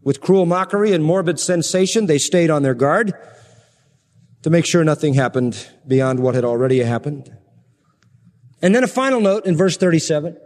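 High-voiced preacher in a reverberant hall. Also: male voice, expressive, moderate pace. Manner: preaching with wide swings from loud to hushed. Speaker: pastor. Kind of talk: sermon.

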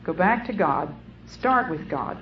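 A woman's voice: on the low side, expressive, reverberant, soft background music. Woman preaching on a muffled old recording. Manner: earnest, measured, deliberate phrasing. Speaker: speaker. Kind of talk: sermon.

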